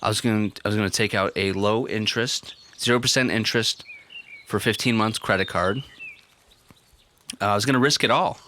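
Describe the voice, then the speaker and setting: Bright-toned, playful podcast guy. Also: on the low side, brisk, slight background noise. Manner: playful, laughs often, goofy bits. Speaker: podcast co-host. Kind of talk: casual chat.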